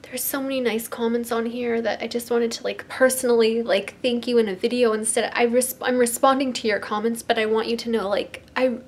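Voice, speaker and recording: A woman's voice: fairly high pitch, fairly even intonation. Tearful young woman thanking subscribers. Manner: tearful, heavy use of "like", halting restarts. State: crying, sniffly. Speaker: YouTuber. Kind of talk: emotional vlog to subscribers.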